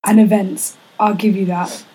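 A woman's voice: medium pitch, little pitch movement, normal speed, dark tone, slightly rough, rough recording. A young woman co-hosting a podcast in casual, slangy chat, laughing often and swearing freely. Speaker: podcast co-host.

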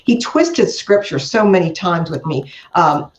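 Older lady talking slow and earnest, lowish voice, roomy dull sound. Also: lively intonation. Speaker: guest, author. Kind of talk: interview. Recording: echoey, muffled remote audio.

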